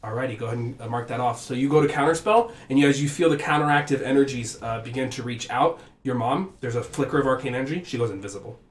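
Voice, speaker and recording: Halting man running a tabletop game. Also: mid-range voice, echoey room. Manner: halting, hesitant, many fillers. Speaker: game master.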